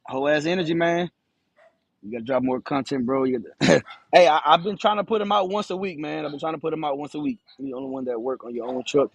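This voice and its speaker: Man, trucker vlogger; rambling, profane storyteller who stutters; slightly high voice, dry close sound. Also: dry recording. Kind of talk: casual storytelling to camera. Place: in his truck.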